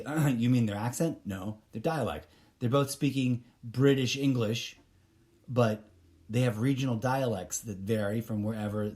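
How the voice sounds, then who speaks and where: A man's voice: mid-range voice, darkish tone. A man hosting a solo podcast, talking casually in a rambling, opinionated way with many fillers and restarts. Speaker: podcast host.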